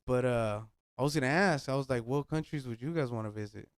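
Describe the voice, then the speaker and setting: Smooth-voiced young man telling stories. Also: medium pitch, fast talker, dry recording, clean studio sound. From United States. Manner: relaxed storytelling, swears casually. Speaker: podcast co-host. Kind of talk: casual chat.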